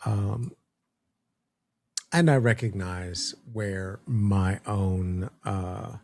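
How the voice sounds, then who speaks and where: A man co-hosting a podcast, speaking in a halting, thoughtful way with many fillers and restarts. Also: sits low, a little mellow. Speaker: podcast co-host. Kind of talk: casual podcast conversation.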